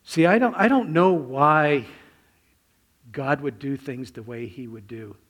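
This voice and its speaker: A middle-aged man preaching a sermon, telling a personal story and swinging between hushed, near-whispered lines and sudden loud bursts. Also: medium pitch, unhurried. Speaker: pastor.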